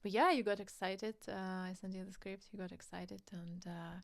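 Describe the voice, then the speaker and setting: A woman co-hosts a casual podcast chat, speaking hesitantly with many fillers and warm compliments. Her voice has a gravelly, fried edge. The sound is close and dry. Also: mid-range voice, fairly even intonation, moderate pace, no room sound. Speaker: podcast co-host, filmmaker.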